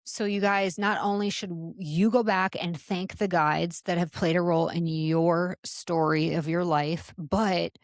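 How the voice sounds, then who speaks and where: A middle-aged woman speaks earnestly to her listeners, encouraging them like a coach. Her voice sits a little low for a woman. The sound is dry and close, with no room around it. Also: fairly even intonation, unhurried, hardly any pauses, no room sound. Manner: earnest and encouraging, addresses listeners as "you guys". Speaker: podcast host and salon business coach. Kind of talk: motivational talk.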